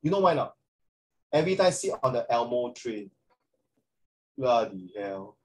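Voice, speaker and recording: A man's voice: medium pitch, expressive, a little fast, a little mellow, rough recording. A middle-aged Singaporean man giving a chatty classroom lecture as a social studies teacher, with frequent rhetorical tag questions.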